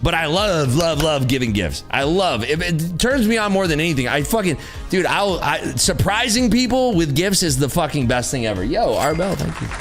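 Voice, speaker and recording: Brash man hosting a trading livestream, profane, taunting, fairly high voice, very lively pitch, faint music behind. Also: moderate pace. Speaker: livestream host and day trader. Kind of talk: casual livestream rant.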